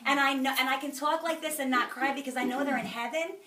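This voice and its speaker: A middle-aged woman, a sales director, gives an emphatic, chatty motivational testimony to a group, fast-talking in a high, pushed, bright voice. She sounds preachy and laughs now and then between lines, far from the mic in an echoey hall.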